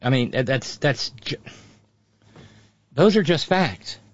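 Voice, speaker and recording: Here a political talk show host speaks in an animated mid-range voice, taking his time. His commentary is sarcastic and sneering, with mocking impressions, captured in a dry, dull lo-fi recording.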